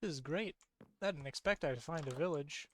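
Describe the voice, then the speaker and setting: A man giving casual, rambling gameplay commentary late at night, sleepy and yawning, who repeats himself and gets excited easily. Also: a little high, normal speed. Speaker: streamer.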